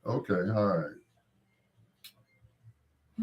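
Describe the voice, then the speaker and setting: Slow, laughing male radio host. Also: fairly low pitch, expressive. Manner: jokey, rambling, laughs often. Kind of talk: casual on-air chat.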